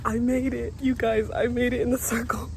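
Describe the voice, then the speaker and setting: A woman's voice: a little high, little pitch movement, moderate pace, vocal fry, darkish tone, a little hiss or hum. A woman vlogging while walking a nature trail outdoors, talking nervously and directly to her viewers about being scared, filmed on a handheld phone. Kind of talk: casual vlog talk to camera.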